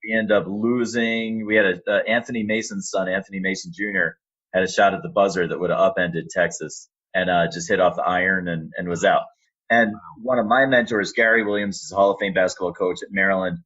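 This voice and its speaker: A man in his thirties, a sports announcer and voice actor, telling animated stories in a casual podcast interview. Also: low-pitched, fairly quick, lo-fi sound. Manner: animated storyteller, acts out quotes.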